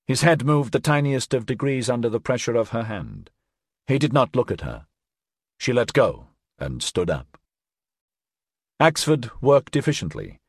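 A man narrating an audiobook in an expressive storytelling manner. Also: mid-range voice, measured pace, slightly rough, no room sound, clean studio sound.

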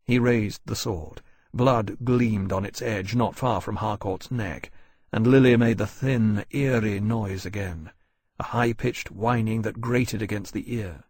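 A man narrating an audiobook in a measured, dramatic way. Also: fairly low pitch, steady tone, a little mellow, breathy edge, dry recording, studio quality. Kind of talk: scripted narration.

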